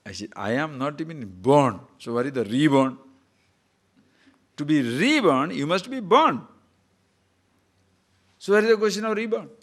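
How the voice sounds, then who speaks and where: An older man giving a spiritual discourse as a teacher, animated, asking rhetorical questions and chuckling now and then. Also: fairly high pitch, moderate pace, long pauses.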